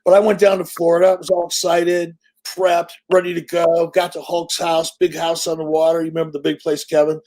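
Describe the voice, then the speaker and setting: A man in his sixties speaks fairly quickly, hardly pausing, in a voice that's a little high. He's an interview guest telling casual stories, animated and punchy, with plenty of profanity.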